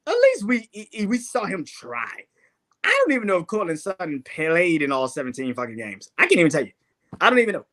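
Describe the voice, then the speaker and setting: Ranting, laughing man talking football. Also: high-pitched. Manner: profane, laughing, animated ranting. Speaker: sports show co-host. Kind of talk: casual sports talk.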